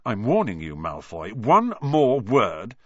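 A man's voice: fairly low pitch, sing-song, a little slow, no echo, lo-fi sound. A man reading an audiobook voices a hot-tempered teenage boy who talks bluntly and snaps. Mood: snappish.

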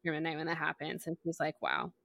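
A woman co-hosting a podcast, chatting casually about a book and gushing between loud squeals and low murmurs. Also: big pitch swings, brisk, dry recording. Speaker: podcast co-host.

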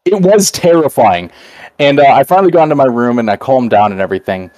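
A young man spins a long tale on a podcast, mid-pitched and recorded close and dry. He rambles casually, swears freely and keeps filling pauses with "uh" and "like". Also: expressive, a little mellow, no echo. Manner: rambling and profane, full of fillers. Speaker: podcast host. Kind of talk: casual storytelling chat.

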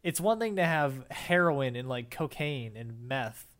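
A man's voice: medium pitch, lively intonation, unhurried, fairly bright tone. A young man co-hosting a casual podcast chat, rambling with many fillers and restarts. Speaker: podcast co-host.

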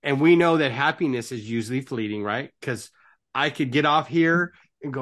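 A man's voice: a little high, moderate pace, fairly bright tone. A man hosting a casual interview, earnest and encouraging, who tags nearly every phrase with "right?". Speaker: podcast host and life coach.

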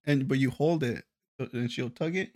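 A man's voice: mid-range voice, normal speed, a little mellow, dry recording, studio quality. A young man in casual chat, joking and teasing his friends.

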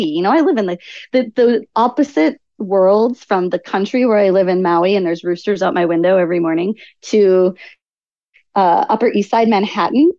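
Animated woman storyteller, slightly muffled audio. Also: medium pitch, moderate pace, no echo. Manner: animated storyteller acting out quoted speech. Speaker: podcast guest, author and nutritional coach. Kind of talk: conversational interview storytelling.

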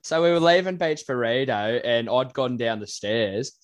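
A young Australian man co-hosting a laid-back podcast chat. He tells a rowdy night-out story with gusto, acting out the people in it as he goes. His voice sits at an everyday middle pitch. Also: animated, moderate pace. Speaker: podcast co-host. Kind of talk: casual chat.

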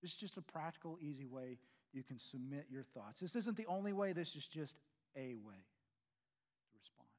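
A man preaching a sermon earnestly, pressing loud questions and then dropping to quiet, low endings. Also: expressive, normal speed.

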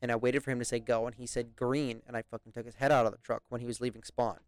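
A man's voice: medium pitch, level tone, fast talker, no room sound. A young British man rambling through a story in casual podcast chat, swearing and laughing often. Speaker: podcast host.

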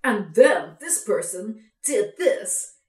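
A woman's voice: medium pitch, very animated, takes it slowly, darkish tone, reverberant, recorded from a distance. A woman mocking a fake-sounding American TikTok drama narrator with a put-on American accent, drawling and over-dramatic.

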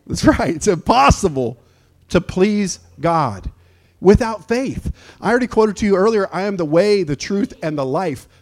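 High-voiced man preaching a sermon. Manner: emphatic call-and-response preaching. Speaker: pastor.

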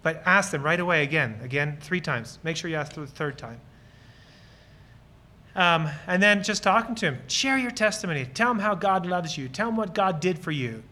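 Here a male guest speaker from Lancaster County, Pennsylvania, talks about ministry with sincere enthusiasm, taking audience questions and sharing stories from his own life. His high, expressive voice has a sharp tone and moves at a moderate pace, and he acts out little exchanges of dialogue along the way.

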